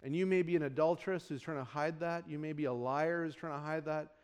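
A man in his thirties preaching a sermon to his congregation, moving between soft, pleading passages and loud exclamations, and acting out quotes with put-on voices. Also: on the high side, steady tone, fast talker, clear, resonant tone, big-room sound. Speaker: pastor.

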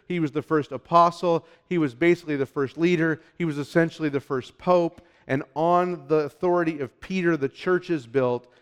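A man preaching a sermon as pastor, emphatic, swinging from hushed lines to loud, urgent ones. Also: a little high, smooth.

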